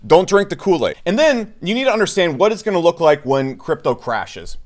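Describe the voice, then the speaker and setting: Youtuber guy ranting to camera, kinda high voice, blunt and fed up, mocks people. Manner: blunt, exasperated, mocks others in quick put-on voices. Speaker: crypto YouTuber. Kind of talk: opinionated market commentary to camera.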